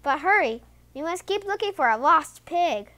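A woman's voice: very high-pitched, lively intonation, moderate pace, sharp tone, exaggerated voice. Woman doing a prim fussy farmer's wife. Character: fussy tidy farmer's wife, middle-aged.

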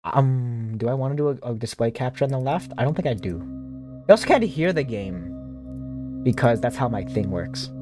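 With music in the background, a man speaks at normal speed in a medium pitch with lively intonation. He plays a horror demo disc as a streamer, muttering casual let's-play commentary to himself, rambling and restarting with lots of fillers.

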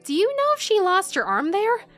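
A woman's voice: very high voice, wildly swooping pitch, moderate pace, a bit bright, soft background music, pitched above the performer's own voice, full character voice. A woman voicing a weary, sarcastic bartender woman. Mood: dry.

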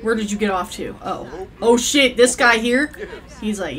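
A young woman giving casual, profane commentary while playing a life-sim game, yelling at the characters and rambling. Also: mid-range voice, expressive, moderate pace. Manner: rambling, self-interrupting.

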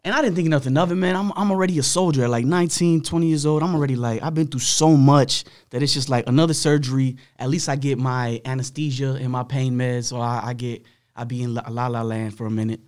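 A young man in his twenties, a podcast guest, telling his story animatedly with a slightly rough voice and acting out the dialogue. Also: mid-range voice, fast. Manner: animated, acts out dialogue, frequent swearing. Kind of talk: casual storytelling.

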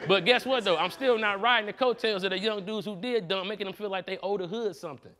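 A man playing a defense attorney in an improvised comedy courtroom, arguing in a heated, animated and slangy way. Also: sits high, fast talker. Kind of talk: improvised comic courtroom argument.

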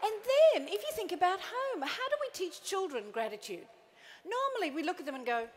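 A middle-aged woman leads a motivational talk for an audience seated at tables. Her voice sits high and swoops wildly up and down as she teases, acts out little scenes and coaxes everyone to join in. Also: brisk. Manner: playful, animated, acts out little quoted scenes; coaxing the crowd into joining in. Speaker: motivational speaker. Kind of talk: live keynote talk to an audience.

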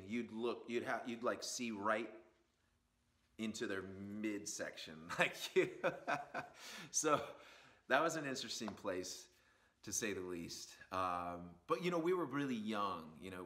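A man hosting his own podcast, telling a rambling road-trip story in a casual, animated way with lots of fillers. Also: on the low side. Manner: animated, rambling anecdote with many fillers and asides. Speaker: podcast host and musician.

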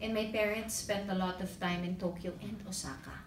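A Filipina woman tells a personal story with lively, emotional energy, moving between English and Tagalog. Her voice is mid-pitched and sits a little back from the mic, in an echoey room with faint background noise. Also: fairly quick, far from the mic. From Philippines. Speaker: actress sharing a story. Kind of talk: casual storytelling. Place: press event room.

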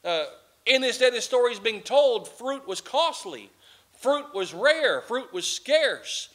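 A man's voice: extremely high pitch, big pitch swings, slow pace, fairly bright tone. A man preaching a sermon as pastor, impassioned, with a repeating cadence.

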